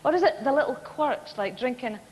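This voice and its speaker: A woman's voice: high voice, animated, a little fast, in a large hall, rough recording. A Scottish woman presenting a TV comedy show, delivering scripted links in a dry, wry way.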